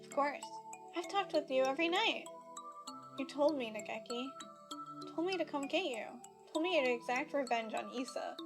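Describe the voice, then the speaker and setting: A woman doing a gently menacing killer teacher. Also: high voice, lively intonation, moderate pace. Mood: cold. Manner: gentle then eerily repetitive. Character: soft-spoken male teacher turned unhinged killer. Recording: game music playing behind.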